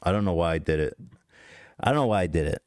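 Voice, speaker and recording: A man's voice: sits low, lively intonation, fast, a little mellow, clear, resonant tone, no echo, clean studio sound. A man hosting a podcast, telling a story in a rambling, profane, self-deprecating way with many restarts. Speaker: podcast host. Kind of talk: casual confessional podcast talk. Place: podcast studio.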